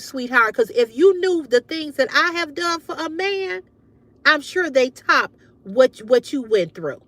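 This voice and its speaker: A high-pitched woman chats on her livestream, handing out blunt, emphatic advice and cursing freely. Her voice is close and dry, with no room sound around it. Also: a bit bright, no echo. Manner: emphatic, frank, swears freely. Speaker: livestream host. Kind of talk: casual advice chat to viewers.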